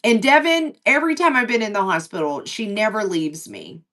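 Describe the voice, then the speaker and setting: A livestream co-host, recorded from a distance, speaks briskly as she casually tells a long story. She's animated and swears freely, acting out what people said by lowering and raising her voice.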